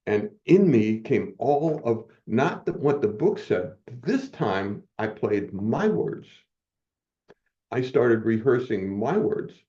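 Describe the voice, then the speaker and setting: A man as a guest giving an earnest, halting personal testimony, often moved as he speaks. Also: medium pitch, expressive, warm tone, muffled recording.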